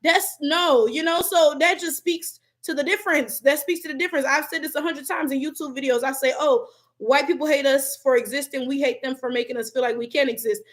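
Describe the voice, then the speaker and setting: A woman's voice: sits high, fairly quick. A young woman from Detroit with an African American Vernacular accent, talking bluntly and profanely while reading viewer comments as a YouTube host. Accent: African American Vernacular English, Detroit. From Detroit, USA. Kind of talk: casual livestream commentary.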